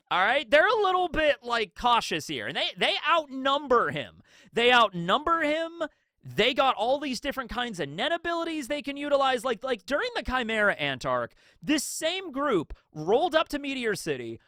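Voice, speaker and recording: A man's voice: high voice, no room sound, studio quality. A man hosting a casual anime commentary video, talking animatedly and acting out characters' lines in his retelling. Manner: animated, acts out quotes, swears casually.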